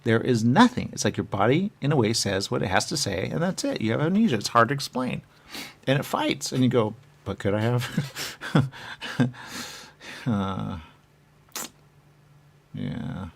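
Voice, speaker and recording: A man telling a rambling improvised comic monologue, laughing often and swinging from shouting to muttering. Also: mid-range voice, sing-song, a little slow, gravelly, long pauses, breathy edge.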